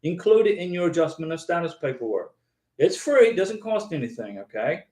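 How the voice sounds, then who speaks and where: The voice is a little high, very animated and moderately paced, slightly mellow and reverberant. It belongs to an American man hosting a live visa advice stream, who chats casually, rambles, repeats himself, and reads out viewer comments, answering them by name.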